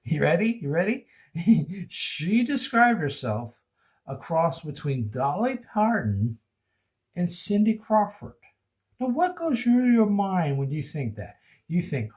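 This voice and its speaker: A man talks slowly into his phone camera in a loose, rambling vlog, goofing around and laughing often. His voice sits a bit high and swings widely in pitch. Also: very animated, darkish tone. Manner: goofy, rambling, laughs a lot. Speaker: vlogger. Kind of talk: casual rambling monologue to camera.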